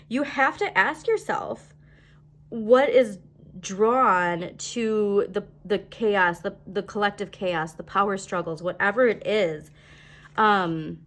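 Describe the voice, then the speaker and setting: A woman doing a casual tarot reading to camera, bubbly and chatty, with many fillers and quick laughs. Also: mid-range voice, a bit bright. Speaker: tarot reader.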